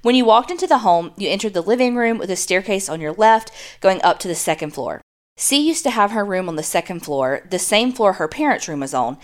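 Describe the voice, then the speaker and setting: A woman, co-hosting a podcast, reading a listener's ghost story aloud and then joking bluntly. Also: medium pitch. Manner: blunt and jokey, swears casually. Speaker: podcast co-host.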